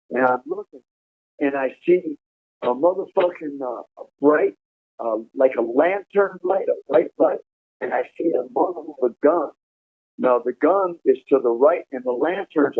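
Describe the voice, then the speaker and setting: A man telling a profane, animated prison story over a prison phone call. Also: fairly high pitch, slightly rough. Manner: profane, animated storytelling, laughing at his own tale. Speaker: incarcerated caller telling prison stories. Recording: tinny phone line.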